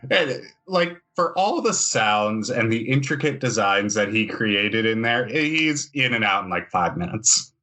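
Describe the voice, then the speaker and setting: A man narrating scenes as the game master of a tabletop game, in a relaxed, descriptive way. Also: fairly low pitch, a little slow, hardly any pauses.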